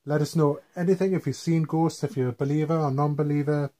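A man hosting a family vlog, telling stories in a relaxed, rambling way while lying in bed at home. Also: a little high, fast talker. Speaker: vlog host. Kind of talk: casual family Q&A chat. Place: home bedroom.

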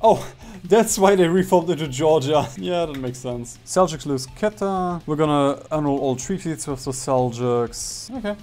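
A man's voice: on the high side, lively intonation, unhurried, a little mellow, soft background music. A man giving casual gameplay commentary while streaming a strategy game, joking and mocking himself as he reacts to events on screen.

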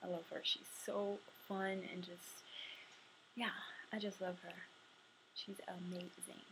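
A young woman chatting casually to camera, answering questions for a tag video, sometimes dropping to a soft murmur. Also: on the low side, flat delivery, slow, noisy background. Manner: chatty, drifting between soft murmurs and bright bursts.

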